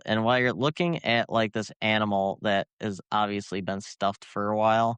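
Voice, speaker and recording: Young guy with a michigan accent rambling on a podcast, smooth voice, dry close sound. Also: fairly low pitch, a little fast, hardly any pauses, a bit bright, no room sound. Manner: rambling, filler-heavy storytelling. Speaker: podcast co-host. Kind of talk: casual chat.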